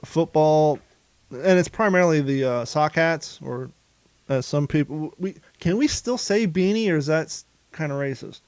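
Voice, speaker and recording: Rambling middle-aged podcast host. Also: male voice, fairly high pitch, normal speed, darkish tone, clean tone, no echo. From Ohio, US. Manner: rambling storyteller, profane. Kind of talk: casual podcast chat.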